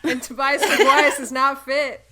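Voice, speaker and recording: A woman's voice: sits high, flat delivery, measured pace, very noisy. A Canadian woman co-hosting a casual comedic chat, giggling often as she talks. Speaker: podcast co-host.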